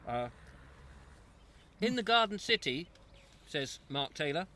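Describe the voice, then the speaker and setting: A man's voice: on the high side, big pitch swings, slow pace, bright, forceful tone, a little hiss or hum. A man hosting a casual live stream at an allotment, chatting and reading out viewer comments between mouthfuls. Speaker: host. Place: outdoors at an allotment. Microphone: lapel mic.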